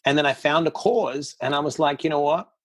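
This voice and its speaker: A man's voice: on the high side, brisk. A middle-aged man, a podcast guest, tells a personal story candidly and bluntly, acting out quotes as he goes. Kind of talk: casual storytelling interview.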